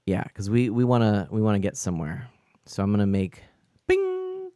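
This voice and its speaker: A man's voice: lowish voice, brisk, dark tone, clean tone, dry recording, studio quality. A man chatting casually on a live stream while he plays, answering his chat as he rambles with lots of fillers and restarts.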